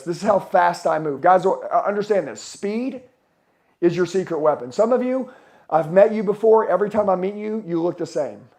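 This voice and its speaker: A middle-aged man with a slightly high, gravelly voice preaches hustle and mindset to a conference crowd. He is blunt and fired-up, swears freely, and keeps throwing questions at the listeners. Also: a little mellow. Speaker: motivational speaker. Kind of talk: profane motivational speech to a live audience. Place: conference hall with a live audience.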